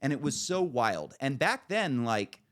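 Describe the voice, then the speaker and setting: A man's voice: medium pitch, very animated, a little slow, fairly bright tone. A man hosting a podcast, chatting casually and laid-back, filling his talk with "like" and "dude". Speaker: podcast host. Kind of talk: casual interview chat.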